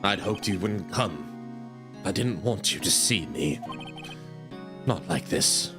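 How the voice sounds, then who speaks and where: A haughty young prosecutor, put on by a man in a game playthrough, speaking in a lowered, clipped and scornful tone. His voice sits deep and soft, with a dry contempt in every phrase. Music plays clearly behind him. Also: very animated, slow pace, full character voice. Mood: bitter. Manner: clipped, low, scornful delivery. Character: haughty young male prosecutor, cold and proud. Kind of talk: fan voice-acting a game playthrough.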